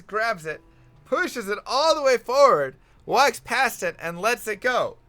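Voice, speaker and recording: Bright, sharp-toned male streamer. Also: sits high. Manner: animated, rambling, self-mocking. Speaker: game streamer. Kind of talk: casual storytelling while gaming.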